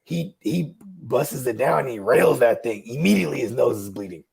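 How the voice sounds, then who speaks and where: A man's voice: medium pitch, lively intonation, normal speed, creaky, background noise. A young man casually telling a long, rambling story, swearing and laughing along the way. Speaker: podcast host.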